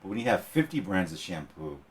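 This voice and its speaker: Podcast guest: very low American male voice, lively swings, blunt and crude stories. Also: a little fast. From United States. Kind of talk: casual chat.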